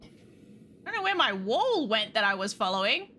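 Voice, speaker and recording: A woman's voice: fairly high pitch, very animated, normal speed, sharp tone, a little hiss or hum. A woman casually commenting on her gameplay, swearing often with playful exasperation. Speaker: game streamer.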